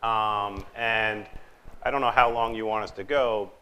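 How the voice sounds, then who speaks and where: A man moderating a conference panel, talking in a relaxed, conversational way with fillers. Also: fairly low pitch, a little slow, slight background noise, poor audio.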